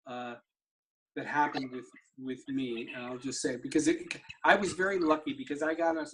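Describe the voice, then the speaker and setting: Here a middle-aged man's medium-pitched voice comes across a bit bright. A guest who practices somatic therapy, he tells a personal anecdote conversationally, vividly acting out the dialogue as he remembers it.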